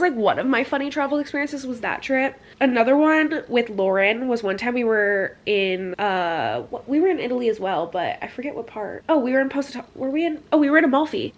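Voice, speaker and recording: A young woman in her twenties telling a travel story in a casual vlog, rambling and animated, with lots of "like.". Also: medium pitch. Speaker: vlogger.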